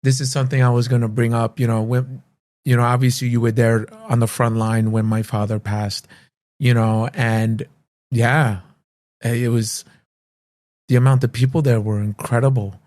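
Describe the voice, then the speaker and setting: A man hosting a casual interview, talking in a halting way with frequent restarts and "you know" fillers. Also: mid-range voice, little pitch movement, darkish tone. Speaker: host and martial arts school owner.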